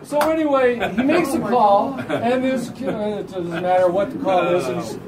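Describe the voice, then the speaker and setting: A man with a Canadian accent telling lively, laughing anecdotes at a memorial gathering about a fellow referee. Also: sits high, normal speed. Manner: animated storytelling, acts out quoted voices with laughter. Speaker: referee assigner giving a memorial tribute. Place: gathering hall with audience. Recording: distant mic, noisy crowd.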